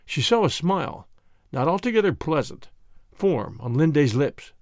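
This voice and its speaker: A man narrates an audiobook in a measured, expressive way. His voice is fairly high for a man and moves widely in pitch. The recording is close and dry. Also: no room sound. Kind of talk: audiobook reading.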